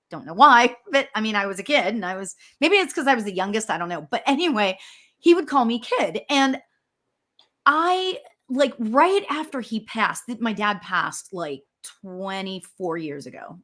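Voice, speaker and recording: A middle-aged woman, a spiritual medium, hosting a casual chat, animated and quick to laugh. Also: medium pitch. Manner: animated, laughs often, squeals when excited. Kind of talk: casual chat on a live show.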